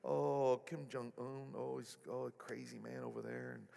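A man's voice: medium pitch, flat delivery, moderate pace, gravelly, pitched below the performer's own voice. A man voicing a panicky, fussing God who mutters "oh" at every trouble below. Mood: fretful. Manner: hushed, fussing "oh" exclamations. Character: fretting, panicky God peering down. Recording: echoey hall.

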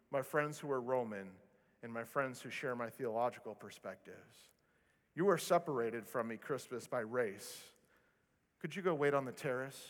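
A man voicing a condescending wealthy Roman banquet host in a hushed, slow manner. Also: mid-range voice, big-room sound, lightly acted.

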